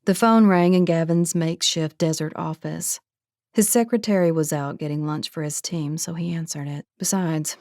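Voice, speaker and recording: A woman with a fairly low-pitched voice narrates an audiobook in a steady, even storytelling manner. The scripted narration is a dry recording with clean studio sound.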